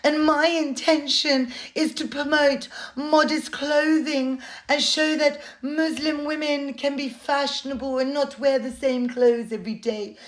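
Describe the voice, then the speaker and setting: A woman mockingly voicing a whiny, self-justifying young woman influencer in a drawn-out, sing-song tone. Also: high-pitched, steady tone, pitched above the performer's own voice. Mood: mocking whine.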